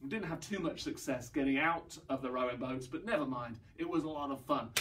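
A man leading young children through an action song, singing slowly and playfully acting out the sounds. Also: mid-range voice, recorded from a distance, heavy background noise. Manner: playful, sings slowly, mimes and acts out sounds. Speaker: children's singing session leader.

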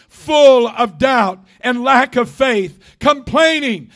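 A man in his sixties preaching a fervent Pentecostal sermon in a church, often shouting and calling for responses. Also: very high-pitched, expressive, slow pace, few pauses. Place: church sanctuary.

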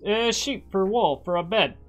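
A woman's voice: mid-range voice, animated, measured pace. A woman streaming a video game in casual chat, jumpy and swearing often, shrieking when startled. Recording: faint music behind. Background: background music.

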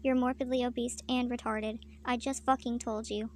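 A woman's voice: a little high, flat delivery, normal speed, darkish tone, a little hiss or hum, lightly acted. A woman reading a bratty, rude emo girl in a snippy, blunt way.

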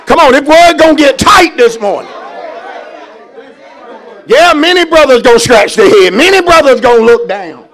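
A male pastor a sermon with call-and-response, building to shouted emphasis. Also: very high-pitched, animated, moderate pace, pauses often, a faint crowd.

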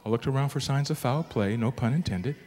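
A middle-aged man, a motivational speaker, telling a comic story to a live audience in an animated, exaggerated way with sudden yelps. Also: medium pitch, fairly quick, slight background noise.

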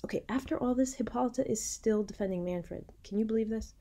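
A young woman lecturer reading a classic novel aloud, stopping to paraphrase the lines in casual, slangy asides and whispering quick side remarks. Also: mid-range voice, animated, warm tone. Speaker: literature lecturer.

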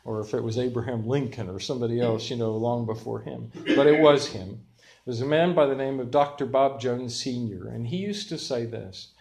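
An older man preaching a sermon as pastor, telling stories with lively, self-mocking humor. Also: medium pitch, brisk, creaky, crowd noise.

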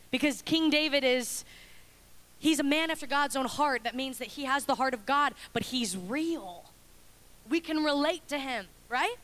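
A woman pastor delivers an impassioned sermon in a church. Her voice sits high and rings bright and forceful. She drops to near-quiet moments, then climbs into loud, pleading passages.

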